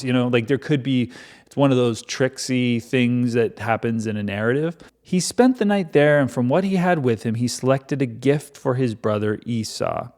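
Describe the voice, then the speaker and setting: A man's voice: medium pitch, moderate pace, darkish tone. A man reading a Bible chapter aloud and breaking off for casual, joking commentary. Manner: irreverent, joking asides between readings.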